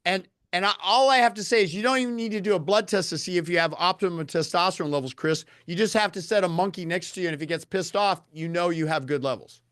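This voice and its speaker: A man with a notably high voice, captured close and dry with almost no room sound. He is an eager storyteller who slips into lecturing about nutrition, talking casually as a podcast guest. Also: fast talker, hardly any pauses, fairly bright tone, smooth, dry recording. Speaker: podcast guest, health and longevity speaker. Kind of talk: casual conversation.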